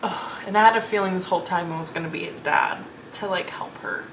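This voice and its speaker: A woman's voice: on the low side, a little fast, slight background noise, poor audio. Gushing young woman rambling about a book. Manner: gushing, rambling, many "like" fillers. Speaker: book vlogger. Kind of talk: casual reading vlog chat.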